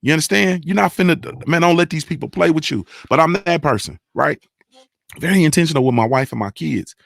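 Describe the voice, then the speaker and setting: A man's voice: fairly high pitch, brisk, creaky, a bit bright, dry recording, clean studio sound. Emphatic, profane male livestream host. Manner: emphatic, repetitive, profane, keeps asking "you understand". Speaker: livestream host reading chat. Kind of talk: casual livestream talk to viewers.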